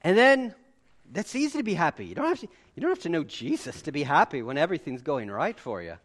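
A male pastor delivering a sermon in a casual, conversational tone. His voice sits high and swings widely from bursts to quiet drops. He keeps asking the audience rhetorical questions. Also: sing-song, quick pace.

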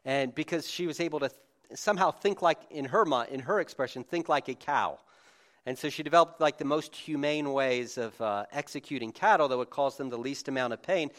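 A man's voice: medium pitch, a little fast, a bit bright. A man preaching a conversational sermon to a gathered congregation, speaking informally with frequent restarts and asides. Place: room with a live congregation.

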